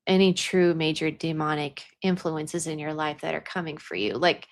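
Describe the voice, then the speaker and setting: Chatty psychic woman, slightly low voice. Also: moderate pace. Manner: chatty, laughs often, drops into whispers while telling a story. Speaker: psychic medium. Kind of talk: casual spiritual talk.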